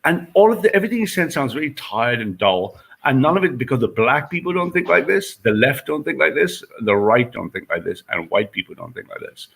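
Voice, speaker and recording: A man's voice: mid-range voice, brisk, gravelly, hardly any pauses, slightly rough. A man co-hosting a reaction show, rambling and emphatic, often tagging his points with "right?". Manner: animated, emphatic, repeats "right?". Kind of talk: rambling commentary.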